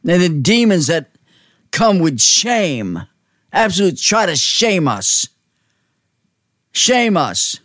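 Male preacher, sermon, slow deliberate delivery, slightly high voice, dry sound. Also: sing-song, a bit bright, no echo. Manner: slow, emphatic preaching with repeated phrases.

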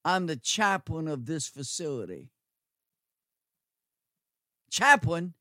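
A middle-aged man preaches in a slightly high voice, unhurried and deliberate, circling back over his phrases. His delivery swings from hushed stretches to loud emphasis. The sound is close and dry, with no room echo. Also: lively intonation. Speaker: preacher, former nursing home chaplain. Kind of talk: sermon.

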